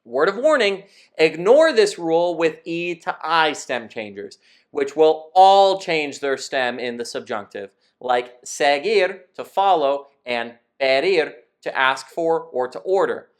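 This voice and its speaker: A man's voice: fairly high pitch, expressive, unhurried. Man explaining Spanish grammar methodically. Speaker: Spanish teacher. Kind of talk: scripted lesson narration.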